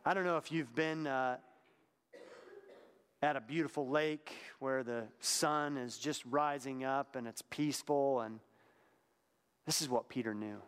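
A man preaching a sermon in a conversational, reflective way, sometimes dropping to a hushed tone. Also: mid-range voice, steady tone, unhurried, smooth, in a large hall.

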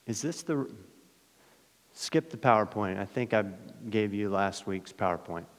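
A male pastor preaching a sermon in a dramatic way, swinging from loud emphasis to hushed asides. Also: fairly low pitch, expressive, a little slow. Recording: long hall reverb.

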